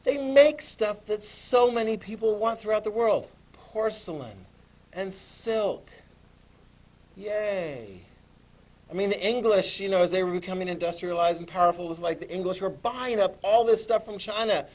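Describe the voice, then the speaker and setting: A middle-aged man teaching a history lesson to a class, animated, asking questions and acting out voices. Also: sits high, normal speed. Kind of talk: classroom lecture.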